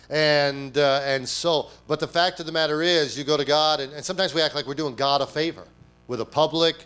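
A man preaching a sermon at a church service, animated, acting out quoted voices and firing off rhetorical questions. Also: on the high side, clean tone. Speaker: pastor.

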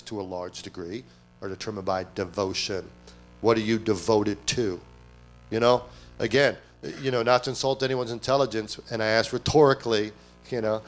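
A pastor with a lowish voice preaches a sermon during a church service. He's animated, voicing the people he quotes and throwing out one rhetorical question after another.

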